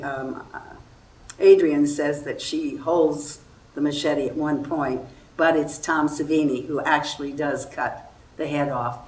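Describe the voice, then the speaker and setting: An older guest actress with a low voice shares anecdotes before a festival audience, animatedly acting out everyone she quotes. The mic catches her from a distance in a roomy hall, with a faint hiss in the background.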